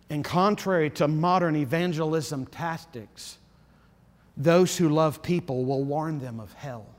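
Earnest preaching man, echoing hall. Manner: earnest preaching, dropping to low solemn emphasis. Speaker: pastor. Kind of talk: sermon.

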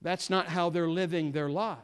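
A man preaching a sermon with fervent emphasis, repeating phrases and swinging between urgent force and hushed gravity. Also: a little high, fairly even intonation, moderate pace, smooth.

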